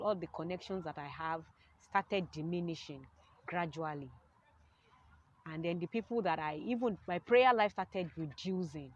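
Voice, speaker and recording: A woman giving an earnest personal testimony, turning emphatic as she offers advice to single people. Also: on the low side. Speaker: testimony speaker.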